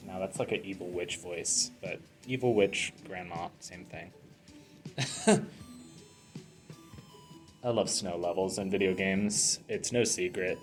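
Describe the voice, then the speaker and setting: A man's voice: low-pitched, a little slow, long pauses, soft background music. A man giving rambling, self-deprecating commentary while playing a video game. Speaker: let's play commentator.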